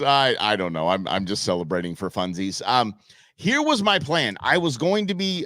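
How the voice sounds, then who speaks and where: A man's voice: mid-range voice, normal speed, no room sound. A middle-aged man hosting a live outdoors show from his desk, telling stories in a casual monologue and acting out what people said. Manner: animated storyteller acting out quotes. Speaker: show host. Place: home studio at a computer.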